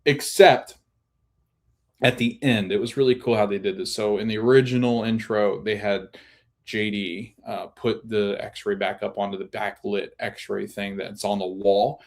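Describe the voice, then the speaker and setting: A man hosting a podcast, giving a casual, animated recap of a TV episode with many restarts. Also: on the low side, a little slow. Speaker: podcast host.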